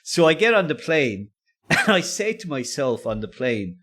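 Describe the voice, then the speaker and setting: A man's voice: fairly high pitch, very animated, moderate pace, a bit bright. A man and podcast co-host, telling a personal story casually, rambling and self-interrupting with frequent laughs.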